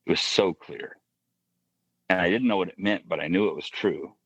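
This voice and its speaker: Male podcast guest, deep voice, dry and slightly dull sound, thoughtful and halting delivery. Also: dry recording. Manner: halting, reflective, with many restarts and soft asides. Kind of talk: personal faith story in casual podcast conversation.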